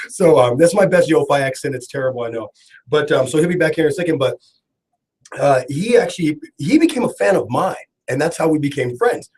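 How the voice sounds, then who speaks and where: Husky-voiced man hosting a talk radio show. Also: on the high side, brisk, rough recording. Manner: rambling, laughing, animated storytelling. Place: radio studio.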